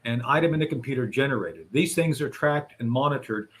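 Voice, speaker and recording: A man's voice: mid-range voice, expressive, a little fast, fairly bright tone. A man guest on a radio talk show, recounting events step by step and addressing the hosts directly. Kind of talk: conversational storytelling.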